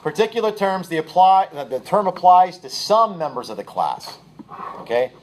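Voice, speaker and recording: A man's voice: sits high, big pitch swings, moderate pace, a little hiss or hum. A male teacher giving a classroom lecture, explaining with examples and often checking in with "okay?". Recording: echoey classroom, voice from far off.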